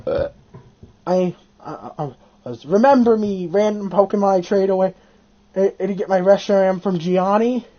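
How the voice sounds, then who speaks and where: A video host telling stories in an excitable casual chat, swearing often. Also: mid-range voice, normal speed, lo-fi sound. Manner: animated, excitable storytelling with frequent swearing.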